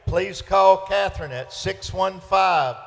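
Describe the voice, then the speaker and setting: A man's voice: high-pitched, takes it slowly, gravelly, a bit bright. A man announcing tips on a livestream show, wisecracking and reading out phone numbers. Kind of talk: casual announcing. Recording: reverberant room.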